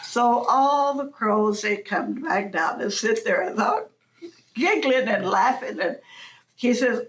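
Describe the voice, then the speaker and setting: Slow, high-voiced woman storyteller. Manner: slow, animated, chuckling narration. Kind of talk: storytelling a folk tale.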